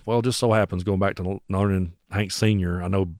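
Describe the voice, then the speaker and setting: A man tells gig stories at a quick clip in a fairly low voice. He is animated and acts out the people in his stories. The recording is dry and close. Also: no echo. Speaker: musician guest. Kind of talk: casual storytelling.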